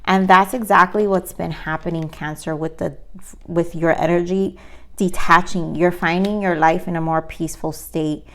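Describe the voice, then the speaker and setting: A woman's voice: on the low side, fairly even intonation, moderate pace, fairly bright tone. Earnest woman giving a tarot reading. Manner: earnest, emphatic, repeats herself. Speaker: tarot reader.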